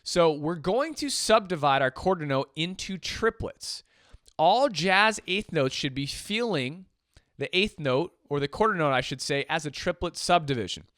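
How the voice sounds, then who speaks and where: A man teaching jazz piano in a relaxed, chatty way, counting beats aloud as he plays. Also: fairly high pitch, normal speed, no echo, clean studio sound. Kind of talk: casual instructional talk. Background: piano playing and metronome clicks.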